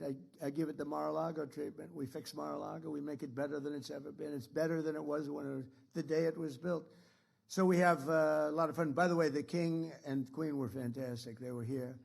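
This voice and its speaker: A man's voice: a little high, creaky, a little mellow. A man speaking as president, giving a rambling, repetitive and boastful political speech to an audience in an indoor room.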